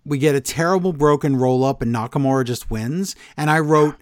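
A man co-hosting a podcast talks with animated exasperation in a fairly high voice. His voice is close and dry, with no room sound around it. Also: no room sound. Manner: animated, exasperated ranting with quick asides. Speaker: podcast co-host. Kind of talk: casual wrestling podcast chat.

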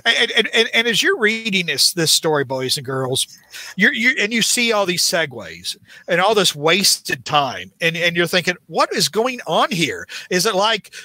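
A man with a bright, fairly high voice rambles through a comic recap, often exasperated and piling up restarts. The sound is dry and close to the mic. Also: very animated, normal speed, dry recording. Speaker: podcast host recapping a comic. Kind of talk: casual chat.

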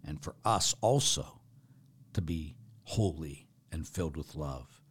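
An older man, a priest, answering viewer questions live, hushed and slow in reflection, then animated and laughing as he tells stories. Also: very deep voice, slight background noise. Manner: animated, laughs and gets loud telling stories. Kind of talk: live Q&A, reading viewer comments.

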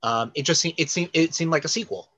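Male podcast co-host, bright and forceful tone, loose rambling delivery full of ums. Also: on the high side, fast talker. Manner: rambling, many fillers, animated. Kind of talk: casual chat about films and comics.

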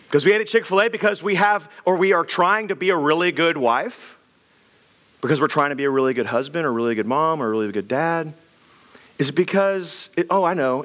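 A middle-aged pastor preaches in a loose, conversational way and fires off one rhetorical question after another. His voice sits fairly high for a man and swings up and down in lively arcs. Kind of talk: sermon.

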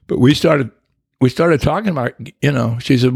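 An older man with a deeply gravelly, husky voice, recorded close and dry. He rambles and reflects as he tells his story, with restarts and soft chuckles. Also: normal speed, no echo. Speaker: guest. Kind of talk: personal recovery story, conversational.

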